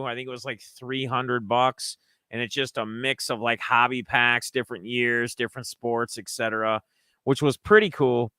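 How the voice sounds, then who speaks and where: A man's voice: mid-range voice, bright, forceful tone, smooth, dry recording. A young man from Minnesota casually recapping a trip, rambling and acting out his friends' lines in raised voices. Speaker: sports card collector vlogger.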